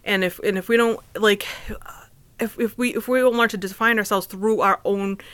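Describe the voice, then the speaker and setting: Woman rambling to her cam at home, lots of restarts and ums, smooth voice, dry close sound. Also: mid-range voice, steady tone, fairly bright tone, dry recording. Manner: halting, with many restarts and fillers, stumbles over words. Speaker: vlogger. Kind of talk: casual personal talk to camera. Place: her apartment, alone.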